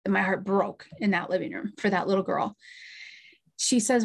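A woman's voice: medium pitch, a little fast. A middle-aged woman, a medium and podcast host, telling a story in a chatty way with asides and small laughs. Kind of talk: storytelling monologue.

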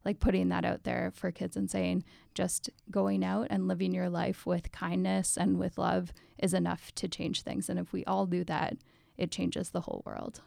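A woman speaking as a guest teacher on a radio show, earnest and even-toned. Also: lowish voice, normal speed, gravelly, no echo, clean studio sound. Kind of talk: casual chat.

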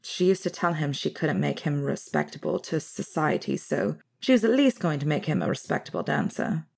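A woman voicing an awed, fretful young male wizard student who talks in a hushed, half-whispered way. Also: low-pitched, wildly swooping pitch, normal speed, vocal fry, husky, pitched below the performer's own voice, heavily acted.

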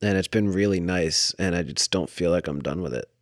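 Very low-voiced man, rambling chat. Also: fairly quick, no room sound, studio quality. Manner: rambling, laughs often, full of "like" and "I don't know". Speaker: podcast co-host. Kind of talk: casual chat.

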